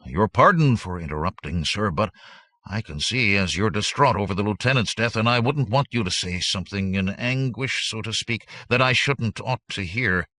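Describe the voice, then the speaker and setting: A man's voice: lowish voice, animated, moderate pace, sharp tone, no echo, voice pushed up. A man voicing a sly, fawning soldier. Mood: insinuating. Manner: ingratiating, rustic speech. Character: sly common soldier, deferential yet scheming.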